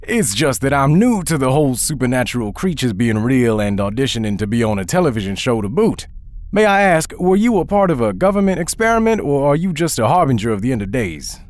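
A man's voice: mid-range voice, big pitch swings, a little fast, dry recording, pitched above the performer's own voice, lightly acted. A man voicing a suspicious male country music judge who questions in a probing way. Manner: skeptical, probing.

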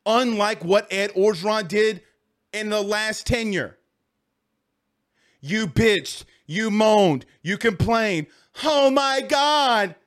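A high-pitched man delivers a heated sports rant straight to his listeners. He repeats himself for emphasis and keeps pushing his point in a casual, talk-show way. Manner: heated, repetitive, talks straight at the audience. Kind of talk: casual ranting commentary.

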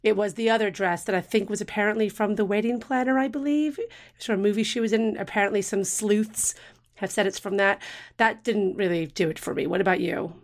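A woman with an Australian accent co-hosting a podcast, chatting casually with quick asides. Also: mid-range voice. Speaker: podcast co-host. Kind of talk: casual chat.

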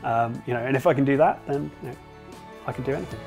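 A man reflects on his work in a relaxed interview, stopping often and circling his words. His voice sits at a middle pitch, and soft music plays behind him. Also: fast talker, vocal fry. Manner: hesitant, many fillers. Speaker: illustrator.

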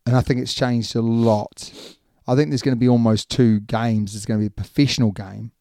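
A New Zealand man co-hosts a podcast in loose, chatty talk. His voice is warm and mellow, recorded dry and close. He rambles, restarts and laughs easily. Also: mid-range voice, steady tone, a little fast, no echo. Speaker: podcast co-host. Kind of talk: casual chat.

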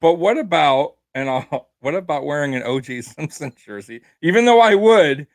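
Male co-host, jokey banter with frequent laughs, high animated pitch. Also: normal speed, no room sound. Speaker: podcast co-host. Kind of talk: casual sports chat.

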